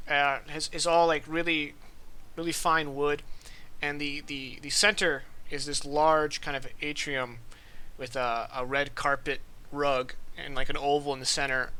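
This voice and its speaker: A man's voice: fairly high pitch, sharp tone, clean tone. A man narrating a tabletop game as game master, describing scenes with many fillers.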